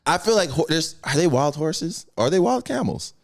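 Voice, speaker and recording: A man's voice: a little high, very animated, moderate pace, gravelly. A man hosting a podcast in casual chat, asking loose questions and bantering. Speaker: podcast host.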